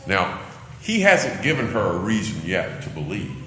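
Deep-voiced man preaching in an echoey hall. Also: wildly swooping pitch, moderate pace, sharp tone. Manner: conversational asides with light laughter. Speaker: Bible teacher. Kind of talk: expository sermon reading and explaining scripture. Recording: echoey hall with faint ambience.

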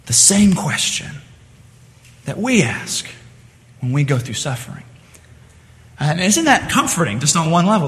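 A man's voice: sits high, fairly bright tone, in a large hall. A man preaching a sermon, earnest in tone, rising to impassioned cries when he voices the psalmist's pleas. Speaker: pastor.

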